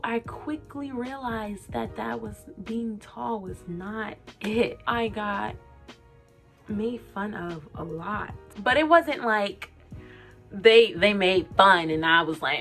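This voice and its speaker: A young woman talks straight to her camera in a candid, confessional vlog. Her speech is articulate and clear, open and emotional, at an ordinary middle pitch. Faint music plays softly behind her. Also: slow pace. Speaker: vlogger.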